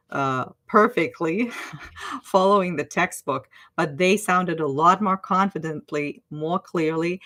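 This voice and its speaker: Low-voiced woman coaching pronunciation. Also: bright, forceful tone. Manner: chatty, with many fillers and self-corrections; demonstrates phrases aloud. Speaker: online language teacher and accent coach. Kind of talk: casual livestream talk.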